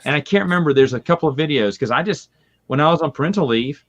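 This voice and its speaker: A man's voice: fairly high pitch, fast talker. Man telling stories with laughs, muffled audio. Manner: lively storytelling with frequent laughs. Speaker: podcast guest. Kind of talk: casual chat.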